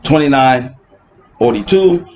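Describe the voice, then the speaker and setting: A man's voice: mid-range voice, measured pace, a little mellow, slight background noise. A man giving informal online Bible teaching, reading verses aloud and breaking off into sarcastic, mocking asides. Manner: reads verses aloud, then mocks opponents with sarcastic asides. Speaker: scripture teacher. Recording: dull lo-fi recording.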